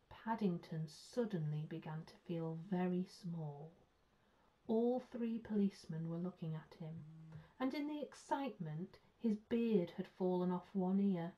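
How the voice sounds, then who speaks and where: A woman teacher reading a children's story aloud with clear, expressive storytelling. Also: on the low side, measured pace. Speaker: primary school teacher. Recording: muffled lo-fi sound.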